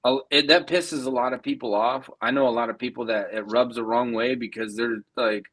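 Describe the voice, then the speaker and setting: American man guesting on a podcast, husky voice, playful and profane. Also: mid-range voice, fairly quick. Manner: joking, excitable, swears a lot. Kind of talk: casual podcast chat.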